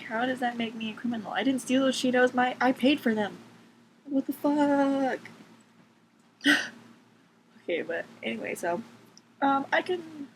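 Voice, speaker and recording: Her voice on the high side and the recording low in quality, a teenage vlogger rants to camera in her bedroom at home. Casual and sarcastic, she swears freely and peppers her talk with "like" as cats make noise nearby.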